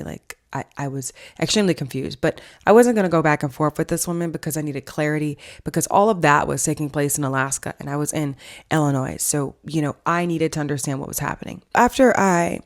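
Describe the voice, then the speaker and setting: A woman's voice: low voice, fairly quick. A woman hosting a casual storytime vlog, chatting through a personal story and acting out what people said. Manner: chatty storytelling, acts out quoted dialogue. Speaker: vlog host and family counselor.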